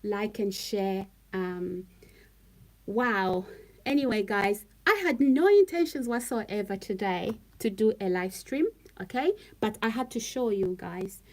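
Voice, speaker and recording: A woman's voice: mid-range voice, animated, takes it slowly, darkish tone, low-quality recording. A woman talking on a live stream to her viewers, emphatic and repetitive, often checking in with "okay?". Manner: emphatic, repeats phrases, frequent "okay?".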